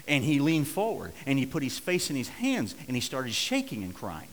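A middle-aged man preaching a sermon, telling a story and swinging between hushed and loud, urgent passages. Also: medium pitch, sing-song, normal speed, hardly any pauses, in a large hall, slight background noise, poor audio. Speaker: pastor.

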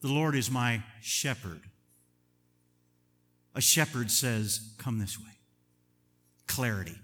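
An older man preaching a sermon as pastor, chatty and chuckling, moving between loud emphatic bursts and quiet asides. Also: mid-range voice, slow pace, big-room sound.

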